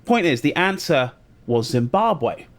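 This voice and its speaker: A man's voice: fairly high pitch, very animated, measured pace. A man with a British accent, co-hosting a podcast and telling a chatty anecdote in casual conversation. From Britain. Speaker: podcast co-host. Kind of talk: casual chat.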